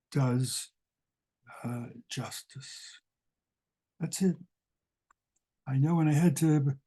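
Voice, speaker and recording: An older man, a guest rabbi, teaching a psalm over a video call, asking rhetorical questions in an unhurried way. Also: on the high side, dark tone, breathy edge, low-quality recording. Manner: asks many rhetorical questions, unhurried with pauses. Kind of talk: slow, questioning lesson on a psalm.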